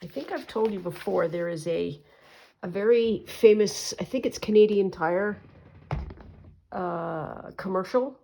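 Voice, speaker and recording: A woman talking herself through a collage as she works, chatty and unhurried, with quiet murmured asides that pick up when she tells a story. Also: medium pitch, vocal fry, a little hiss or hum. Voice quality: soft, murmuring, often trailing into quiet asides. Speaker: collage artist and channel host. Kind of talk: relaxed craft vlog, thinking aloud while working.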